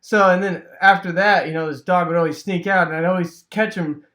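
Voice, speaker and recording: A man with a fairly high voice from Wisconsin, telling a childhood story in a loose, rambling way. He leans on fillers and throws in sound effects like "boom" as he goes. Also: steady tone, a little fast, fairly bright tone. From Wisconsin, USA. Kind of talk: casual personal storytelling.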